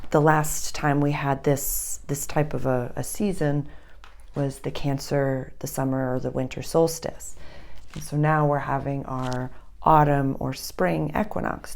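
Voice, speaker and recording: A woman's voice: rumbling low, gravelly, a little mellow. A woman with a Boston accent giving a rambling, casual astrology lesson at a board, thinking aloud as she goes. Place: indoor room with a board.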